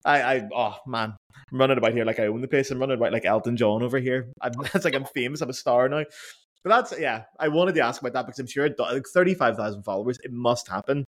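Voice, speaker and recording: Man, podcast host, rapid-fire, animated, casual swearing. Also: mid-range voice. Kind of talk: casual interview chat.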